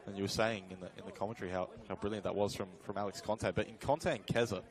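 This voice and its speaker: Lower-voiced man giving relaxed football analysis. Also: fast. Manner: conversational, analytical, with fillers and self-corrections. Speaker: colour commentator.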